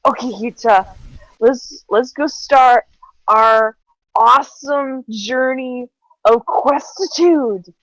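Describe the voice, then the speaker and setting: A woman's voice: on the high side, takes it slowly, fairly bright tone, no room sound, rough recording. A woman voicing a drunk, friendly woman who talks like a seventies hippie, rambling and slurring during a tabletop role-play game. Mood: tipsy, earnest.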